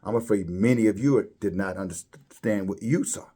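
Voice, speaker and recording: A man preaching a religious commentary, halting and repeating words, his voice climbing high when he stresses a point. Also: mellow, slightly rough.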